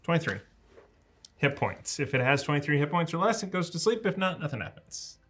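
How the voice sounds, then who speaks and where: A player at a tabletop game who talks in a halting way, thinking through a spell and laughing at the dice. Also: medium pitch, sing-song, fairly bright tone. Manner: thoughtful, halting, laughs at own rolls. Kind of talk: casual chat at a game table.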